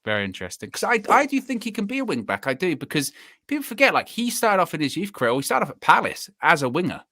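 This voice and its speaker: A man hosting a casual live football chat stream, animated and repeating himself for emphasis. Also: sits high, fast talker, dry recording, studio quality. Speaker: host.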